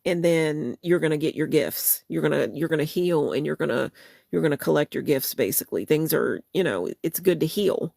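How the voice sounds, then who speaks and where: A woman's voice: sits low, expressive, brisk, creaky, darkish tone, no room sound, studio quality. A woman hosting her channel, chatting casually and rambling, often repeating and restarting her phrases. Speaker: channel host. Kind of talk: casual livestream chat, reading lyrics.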